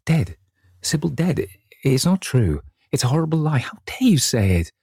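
A man voicing a young, passionate and vain English gentleman, with theatrical emotion. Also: lowish voice, moderate pace, breathy edge, no echo, studio quality. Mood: distraught. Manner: impassioned, theatrical.

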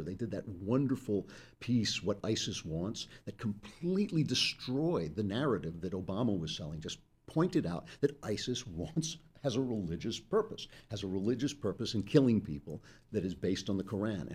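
In a lowish, darkish voice edged with breathiness, a middle-aged political commentary host gives a forceful, sarcastic opinion piece. He keeps interrupting himself with asides.

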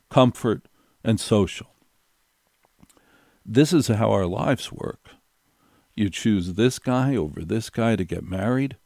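With a warm, lowish voice, a middle-aged man spins a wry, rambling personal story, returning again and again to key phrases. There's no echo, just clean studio sound.

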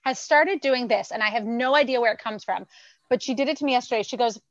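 Animated Canadian woman, 30s, remote guest, dull dry line. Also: fairly high pitch, quick pace, no room sound. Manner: chatty, teasing, animated storyteller. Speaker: podcast guest and mother. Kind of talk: casual chat.

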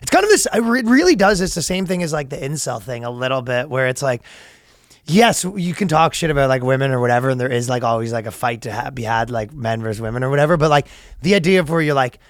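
A man's voice: mid-range voice, lively intonation, fast talker, dry recording, studio quality. A man co-hosting a casual comedy podcast, rambling with many restarts and frequent laughs. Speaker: podcast co-host.

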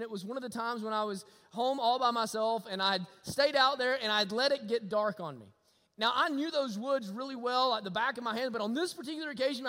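High-voiced preacher in a reverberant hall. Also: male voice. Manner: storytelling, swings between loud emphasis and low hushed lines. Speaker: pastor. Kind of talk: sermon.

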